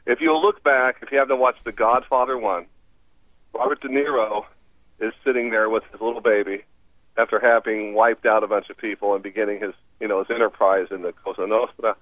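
A man with a fairly low pitch and a flat delivery speaks fairly quickly, with no room sound, over a tinny phone call. He appears as a language expert guest on a radio interview, explaining foreign phrases in an upbeat, teacherly way and laughing easily.

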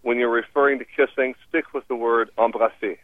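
A man's voice: medium pitch, steady tone, brisk, dry recording. A man guest explaining foreign phrases on a radio interview in an upbeat, teacherly way, laughing easily. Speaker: language expert guest. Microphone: phone call. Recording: tinny phone line.

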